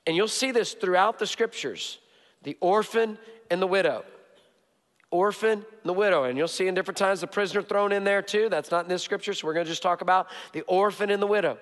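A man's voice: sits high, brisk, fairly bright tone. A male pastor preaching a sermon in a church, emphatic, hammering points with repetition and joking asides. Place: church sanctuary. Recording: long hall reverb.

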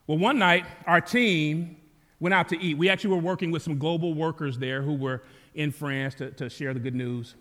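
High-voiced American pastor preaching. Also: male voice, normal speed, fairly bright tone, long reverb tail. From United States. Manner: storytelling, rising to fervent calls. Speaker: campus pastor. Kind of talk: sermon. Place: church sanctuary.

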